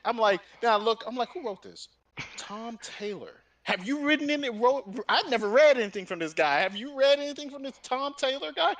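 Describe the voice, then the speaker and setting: Young male host, casual profane storyteller, high bright voice. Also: normal speed. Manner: animated, profane, acts out both sides of arguments. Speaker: gaming and art channel host.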